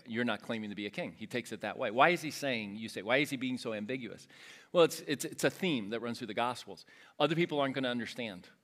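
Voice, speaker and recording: A man's voice: medium pitch, a bit bright. A man teaching a Bible passage verse by verse in an explanatory way, often restarting and adding asides.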